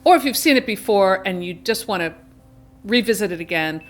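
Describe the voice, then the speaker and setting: A woman hosting a casual show, retelling a film's plot in a chatty way with quick asides. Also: medium pitch, expressive, faint music behind. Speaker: host. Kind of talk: casual film discussion.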